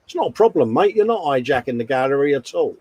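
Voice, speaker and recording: A man's voice: medium pitch, big pitch swings, fast, a little mellow, breathy edge, no room sound, rough recording. A man hosting a live hobby stream in casual chat, laughing often and calling everyone mate.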